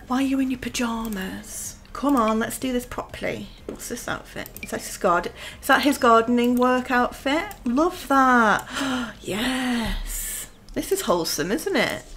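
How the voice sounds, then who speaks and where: A woman's voice: on the high side, a little hiss or hum. A woman giving casual, chatty let's-play commentary on a life-sim game and teasing her characters. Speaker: gaming YouTuber. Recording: soft background music.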